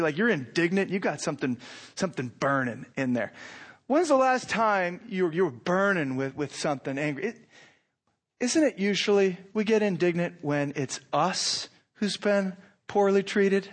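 A middle-aged man preaching a sermon, animated, acting out imagined lines with rising intensity. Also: high voice. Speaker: pastor.

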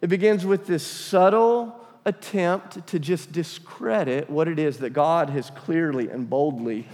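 In a reverberant church hall, a pastor with a fairly high, somewhat mellow voice delivers a sermon a little slowly. He reads from scripture emphatically and prompts the congregation to shout back responses.

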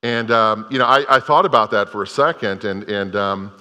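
A middle-aged man preaches with a bright, forceful edge in his voice. He tells a story in a folksy, unpolished way, often restarting his sentences. His words ring out with a long reverb, as in a large church hall. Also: lowish voice, moderate pace. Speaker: Methodist pastor. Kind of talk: sermon.

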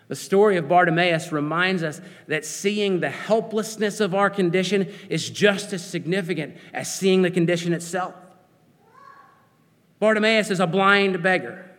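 Slow earnest preacher in a reverberant hall. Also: male voice, a little high, a bit bright. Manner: earnest, searching questions to the listener. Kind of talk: sermon.

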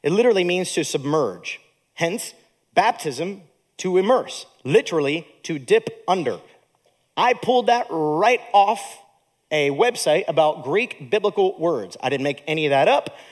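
Man, pastor, sermon, high-pitched, very expressive intonation, church. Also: measured pace. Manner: animated preaching, asides to congregation.

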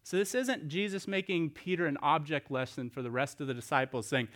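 A male pastor delivering a sermon in an easy, conversational manner. He retells a scripture story, asks his listeners rhetorical questions and often restarts his sentences. His voice sits at an average pitch for a man. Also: animated, fairly quick, few pauses, fairly bright tone.

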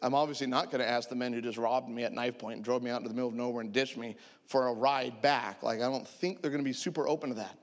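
Animated man in his forties, echoey hall. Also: medium pitch, quick pace. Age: 40s. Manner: animated, self-mocking, laughs often. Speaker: preacher sharing testimony. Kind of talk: humorous storytelling sermon.

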